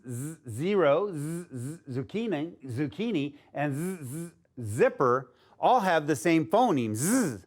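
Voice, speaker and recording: A man teaching a phonics lesson to young children, sounding out letters and cheering them on. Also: on the high side. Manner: slow, sounding out letters, upbeat and encouraging.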